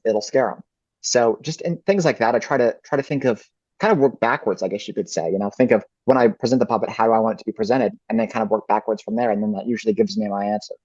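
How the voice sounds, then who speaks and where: A man's voice: on the low side, darkish tone, husky, no room sound. A man answering interview questions as a ventriloquist guest, reflective and thinking aloud. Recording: dull lo-fi dry recording.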